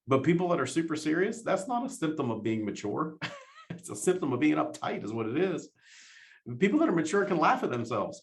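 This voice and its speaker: A man giving a motivational talk, animated, laughing often and repeating his questions for emphasis. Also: on the high side. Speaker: motivational speaker.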